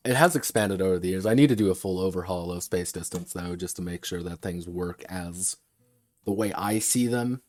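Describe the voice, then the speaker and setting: A man's voice: low-pitched, moderate pace, a little mellow. A man chatting casually on a stream about designing games, rambling, laughing and swearing freely. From United States. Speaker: game designer streaming a workshop.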